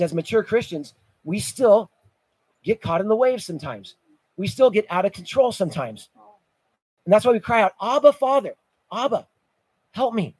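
A man's voice: high-pitched, breathy edge, dry recording, rough recording. A middle-aged man preaching a sermon as pastor, telling vivid stories, his voice rising and falling in volume. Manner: storytelling preacher, rises and drops in volume.

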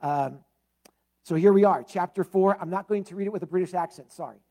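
A man's voice: sits high, brisk, darkish tone. A man, the pastor, giving a conversational sermon with prayer and a scripture reading, talking with fillers and casual asides.

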